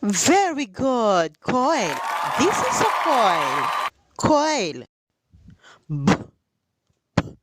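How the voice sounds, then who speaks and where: A woman's voice: fairly high pitch, dry recording. A woman teacher leading a phonics reading lesson for young children, drilling sounds and praising often. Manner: slow, sing-song drilling with praise.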